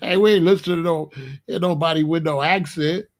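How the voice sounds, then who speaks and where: A man hosting a casual live stream, talking in an animated way, repeating his points, laughing and addressing viewers by name. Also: on the high side, moderate pace. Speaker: host of a live call-in show.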